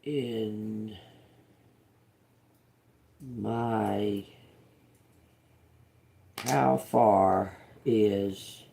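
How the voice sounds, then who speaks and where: A woman on a casual livestream, slowly reading out and repeating words one by one. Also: rumbling low, fairly even intonation, vocal fry, dark tone, a little hiss or hum. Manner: slow, drawn-out, repeats words as she reads them. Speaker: tarot reader on a livestream.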